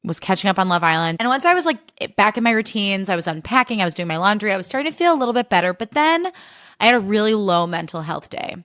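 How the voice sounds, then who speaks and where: A woman's voice: mid-range voice, sing-song, quick pace, a bit bright, no room sound, studio quality. A young adult woman hosting a podcast alone, talking casually, candidly and emotionally, and swearing freely. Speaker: podcast host. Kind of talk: casual solo chat.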